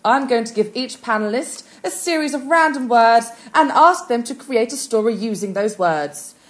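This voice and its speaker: A woman hosting a comedy panel game on student radio, announcing rounds and scores briskly. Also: high-pitched. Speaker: quiz host. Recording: noisy student radio recording.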